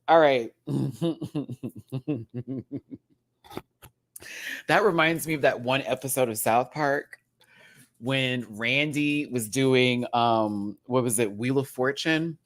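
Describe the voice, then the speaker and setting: A man reviewing a drag competition show in a casual, campy rant, laughing often and swinging between loud outbursts and quiet asides. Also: takes it slowly. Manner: big jumps in pitch and loudness. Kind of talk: casual commentary.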